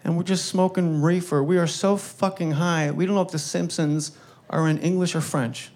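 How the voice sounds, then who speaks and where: Profane middle-aged stand-up comedian. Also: male voice, on the high side, fairly even intonation, normal speed, darkish tone. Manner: profane, rambling anecdotal delivery.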